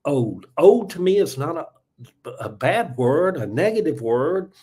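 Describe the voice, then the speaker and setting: Older Southern man, seventy, Georgia drawl, folksy rambling host, mellow voice pitched a bit high. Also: sing-song, a little slow, husky. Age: 70s. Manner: rambling, folksy, thanks viewers, trails off with many uhs. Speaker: livestream host. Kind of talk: casual livestream chat.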